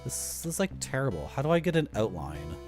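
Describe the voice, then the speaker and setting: A man's voice: mid-range voice, sing-song, quick pace, music in the background. A man streaming a video game and chatting casually, with wry asides to his viewers. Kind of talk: casual gameplay commentary.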